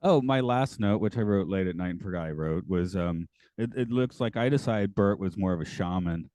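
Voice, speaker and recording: A man co-hosting a casual discussion podcast, talking in a relaxed way and laughing often. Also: deep voice, brisk, dry recording. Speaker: podcast co-host.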